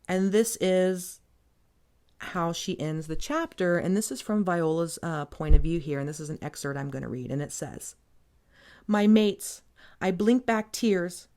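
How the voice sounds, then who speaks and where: Woman, podcast host, casual book recap, sarcastic, swears a lot, lowish voice. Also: moderate pace, darkish tone. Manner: profane, sarcastic, rambling.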